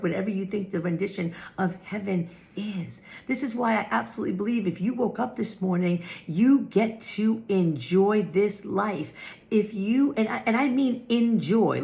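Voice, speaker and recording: A woman's voice: mid-range voice, creaky, mellow. A woman in her fifties giving an earnest, emphatic spiritual talk, often repeating her phrases. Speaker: spiritual vlogger.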